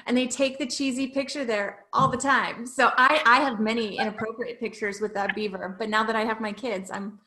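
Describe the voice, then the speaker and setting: A woman hosts a podcast and wraps up with upbeat cheer. Her voice sits fairly high. It is recorded in a roomy, echoing space. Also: steady tone, a little fast, few pauses, pushed and bright, slight background noise. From Canada. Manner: upbeat, enthusiastic wrap-up. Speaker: podcast host. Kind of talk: casual interview chat.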